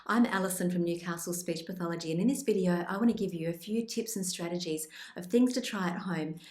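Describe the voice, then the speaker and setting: Calm woman explaining, echoey room. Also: on the low side, quick pace. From Australia. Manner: calm, clear explanatory delivery. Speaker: speech pathologist. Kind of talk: instructional video presenting.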